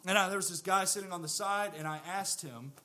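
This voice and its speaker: A man's voice: high voice, a little fast, bright, forceful tone. A young man preaching a sermon to his congregation, earnest and emphatic, repeating words for stress.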